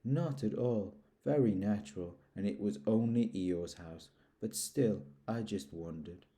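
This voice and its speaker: A man voicing a gloomy, self-pitying old grey donkey in a storybook reading, slow and mournful. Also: low-pitched, lively intonation, dark tone.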